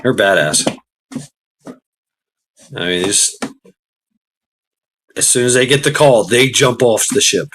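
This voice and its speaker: A man's voice: mid-range voice, expressive, slow pace, pauses often, fairly bright tone, slight background noise. Brash streamer, mid-range male voice, blunt profane rant to his chat, frequent laughs. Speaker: livestream host. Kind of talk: casual ranting commentary to live chat. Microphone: computer mic on a live stream.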